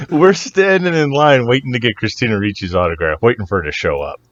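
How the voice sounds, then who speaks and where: A man's voice: mid-range voice, a little fast, lo-fi sound. A man co-hosting a podcast, telling a story casually, laughing often and acting out the people he quotes. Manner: animated, laughs often, acts out voices in quotes. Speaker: podcast co-host.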